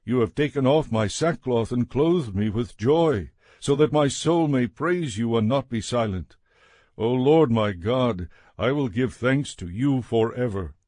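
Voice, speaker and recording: A man reading scripture aloud in a measured, solemn way. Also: medium pitch, animated, darkish tone, no echo, clean studio sound. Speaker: scripture reader.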